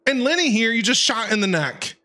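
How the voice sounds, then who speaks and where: A man streaming a game, reacting with loud, exasperated, incredulous commentary. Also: very high voice, very animated, a little fast. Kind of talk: excited gameplay commentary.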